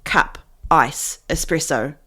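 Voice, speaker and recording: A woman co-hosting a podcast, chatting casually and acting out what people said in an animated way. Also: sits low, slow, husky. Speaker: podcast co-host. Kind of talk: casual chat.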